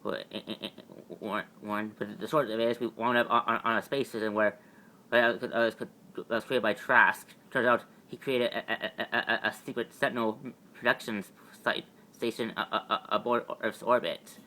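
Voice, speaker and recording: A man's voice: fairly low pitch, steady tone, brisk, sharp tone. A man performing a fan-made superhero audio drama, stammering heavily through repeated restarts. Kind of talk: amateur audio drama voicing.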